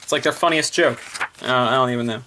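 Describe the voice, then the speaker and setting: A man's voice: medium pitch, quick pace, background noise. Rambling, chuckling male reviewer. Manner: rambling, laughs often, repeats fillers. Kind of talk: casual review vlog.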